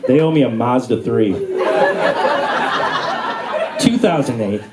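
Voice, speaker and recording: Animated young stand-up comedian, crowd laughing. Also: male voice, slow pace, heavy background noise. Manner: animated storytelling, jumps into high squeaky voices for characters. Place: comedy club stage with live audience. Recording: live audience laughter throughout.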